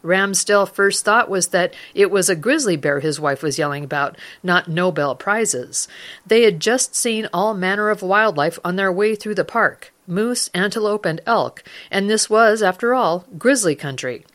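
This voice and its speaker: A woman's voice: mid-range voice, fairly bright tone. Woman reading a radio news feature. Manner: measured, reads news copy with dramatized quotes. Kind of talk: scripted news feature narration.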